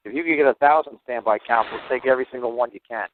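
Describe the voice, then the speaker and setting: A man hosting a call-in show, telling stories in a blunt, profane, rapid way. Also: mid-range voice, slight background noise. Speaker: host. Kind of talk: casual storytelling on a call-in show. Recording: tinny phone-line audio.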